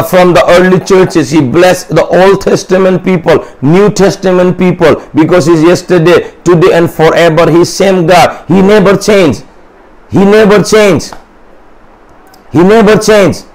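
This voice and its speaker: A man's voice: high-pitched, unhurried, darkish tone, poor audio. A man pastor preaching a fervent sermon in English, with much repetition and rising intensity.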